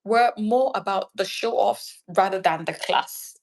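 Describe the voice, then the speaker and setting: A woman's voice: mid-range voice, measured pace. A woman from Nigeria, a guest in an interview chat, talking animatedly and acting out little scenes. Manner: animated, acts out little scenes in quoted voices.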